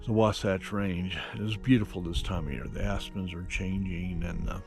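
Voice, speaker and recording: A man's voice: low-pitched, moderate pace, gravelly, music in the background. A middle-aged man, a nature photographer, talking casually to camera at a mountain overlook, rambling with plenty of fillers. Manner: relaxed, rambling, many fillers. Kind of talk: casual outdoor vlog narration.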